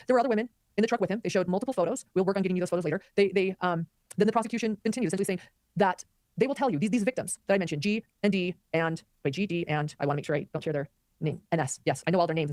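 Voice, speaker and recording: A woman hosting a live commentary stream, talking quickly and animatedly and reading viewer comments aloud. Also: fairly low pitch, a little mellow, no room sound, studio quality. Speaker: commentary host.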